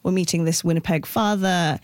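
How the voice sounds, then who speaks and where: A woman's voice: on the low side, fairly even intonation, brisk, darkish tone, no echo. A woman hosting a radio show, chatty and upbeat, speaking from a studio microphone.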